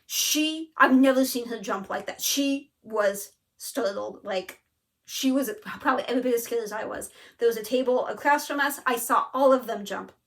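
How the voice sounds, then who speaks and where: Chatty higher-voiced woman telling a story. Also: normal speed. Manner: animated, lots of "like" and quoted asides. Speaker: flosstube host. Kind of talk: casual storytelling.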